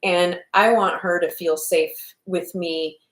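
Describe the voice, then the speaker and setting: A woman's voice: lowish voice, steady tone, slow, echoey room, low-quality recording. A woman co-hosting a casual chat, supportive and encouraging toward the other speaker. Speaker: co-host.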